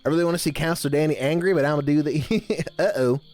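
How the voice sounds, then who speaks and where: A man's voice: fairly high pitch, quick pace, a little mellow. A man streaming live, chatting casually with viewers in a folksy camp-counselor persona full of drawled "y'all"s. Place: home streaming room with blanket-draped backdrop.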